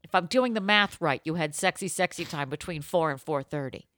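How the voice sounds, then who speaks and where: A woman's voice: sits low, lively intonation, a little fast, fairly bright tone. A woman in casual chat, reacting to a story with teasing, dramatic comments.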